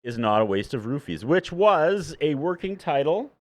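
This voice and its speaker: A man's voice: on the high side, very animated, moderate pace. A man, an author guest on a talk podcast, joking dryly and poking fun at himself in a studio. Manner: dry, self-mocking humor. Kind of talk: casual chat. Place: radio studio.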